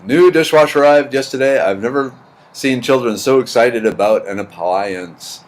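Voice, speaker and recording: A man's voice: mid-range voice, expressive, slow, pauses often. A man hosting a casual live stream at home, greeting viewers by name and rambling with dry jokes into his computer's built-in mic. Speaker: live stream host reading chat. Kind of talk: casual chat. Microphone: computer's built-in mic, not his usual one.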